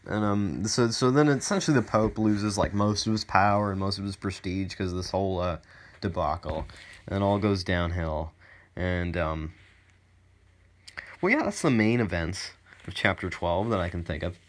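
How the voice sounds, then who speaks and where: A man's voice: deep voice, moderate pace. A male student giving a casual, rambling, irreverent spoken summary full of fillers.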